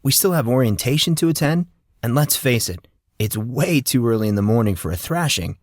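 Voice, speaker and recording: A man's voice: mid-range voice, lively intonation, fairly quick, dry recording, clean studio sound, natural voice. A man voicing an awkward, nervous fourteen-year-old boy who stammers and hesitates. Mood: placating.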